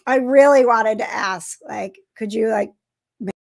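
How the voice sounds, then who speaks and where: Woman host, high gravelly voice, giggly, playful chat. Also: measured pace, darkish tone. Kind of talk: casual chat.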